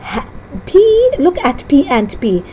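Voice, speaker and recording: Slow, animated woman teaching syllables. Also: a little high, a little hiss or hum, poor audio. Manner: slow, deliberate teaching with word-by-word repetition; self-correcting, halting phrasing. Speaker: English teacher. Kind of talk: classroom lesson on syllables.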